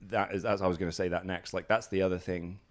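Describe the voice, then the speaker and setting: Low-voiced british guy telling stories at home, lots of "like"s and restarts, acts out quotes. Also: level tone, fast. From Britain. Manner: rambling, many fillers and restarts, acts out quotes. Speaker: guest, professional wrestler. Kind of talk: casual interview storytelling. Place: at his house.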